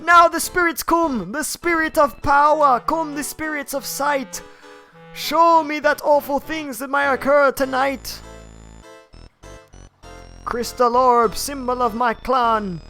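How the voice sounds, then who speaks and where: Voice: high-pitched, fairly even intonation, pushed and bright, faint music behind, pitched above the performer's own voice, full character voice. Streamer voicing Madame Clairvoyant, mock-Jamaican fortune teller. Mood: mystical. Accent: put-on Jamaican. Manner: slow, grand, mystical pronouncements. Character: theatrical fortune-teller spirit woman.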